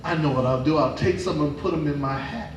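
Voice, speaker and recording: A man voicing Anansi, a mischievous and greedy young spider boy, in a high, excited and pleading voice. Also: brisk, a little hiss or hum, close to an everyday voice. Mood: greedy, scheming. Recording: echoey room from a distant mic.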